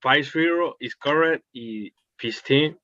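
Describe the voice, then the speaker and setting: Hesitant male student, slow and bright. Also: on the high side, no echo, lo-fi sound. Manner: hesitant, halting learner's English.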